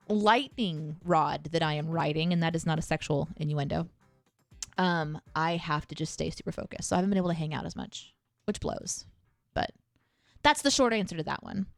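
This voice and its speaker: A woman hosting a live stream and chatting quickly through questions from her chat. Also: on the low side, dry recording. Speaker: streamer host.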